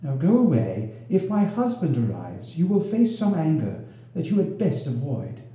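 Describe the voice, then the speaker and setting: A man's voice: fairly high pitch, huge pitch swings, normal speed, dark tone. A man voicing a noble young duchess who pleads and reproaches, in a storybook reading with a roomy echo. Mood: reproachful.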